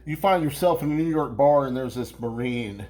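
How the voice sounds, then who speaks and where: A man's voice: medium pitch, normal speed, a little mellow, a little hiss or hum. A man hosting a casual beer review vlog, rambling and swearing, with lots of restarts.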